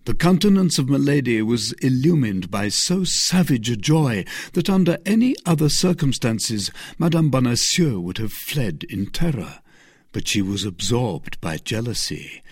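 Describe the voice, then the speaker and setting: A narrator reading a classic novel aloud in a measured, unhurried way. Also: mid-range voice, lively intonation, slightly rough, no room sound, clean studio sound. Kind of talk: storybook reading.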